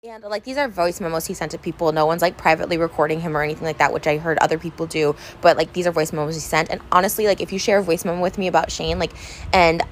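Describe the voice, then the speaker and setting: A woman's voice: sits low, steady tone, very fast, slight background noise, rough recording. Rambling, upset woman venting to camera. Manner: upset, rambling, many fillers and restarts. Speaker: vlogger. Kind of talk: emotional personal vlog rant.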